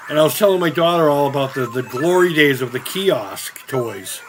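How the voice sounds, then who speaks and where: A man's voice: fairly high pitch, lively intonation, normal speed, few pauses, a little hiss or hum, rough recording. A middle-aged man, chatting casually on a live stream while gaming, rambling and swearing often at the game. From Boston area. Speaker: streamer playing retro games. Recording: music playing behind the voice.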